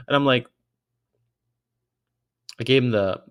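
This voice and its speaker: A man vlogging as a vegan activist, telling stories in a casual, rambling way that is excitable and full of profanity. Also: medium pitch, brisk, long pauses.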